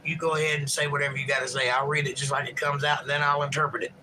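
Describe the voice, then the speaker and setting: A man's voice: on the high side, level tone, rapid-fire, background noise. A man hosting a livestream, reading viewer chat aloud and chatting in a rambling, folksy, joking way.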